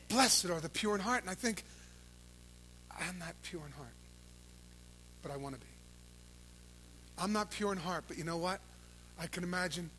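A man preaching a sermon at a church service, swinging from shouted calls to the crowd to quiet, intense talk. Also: sits high, moderate pace, long pauses, slight background noise. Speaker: pastor.

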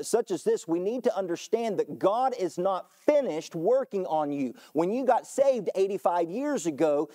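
A man preaching a sermon as pastor, earnest, climbing to emphatic high points and falling back low, often repeating and restarting words. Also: dark tone. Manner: earnest, rising to emphatic peaks then dropping low.

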